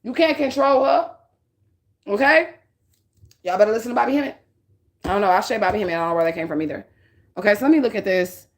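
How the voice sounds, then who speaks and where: A psychic reader with a medium-pitched voice speaks quickly but pauses often during a casual spiritual reading. She talks bluntly, swears a lot, and keeps asking her listeners "okay?"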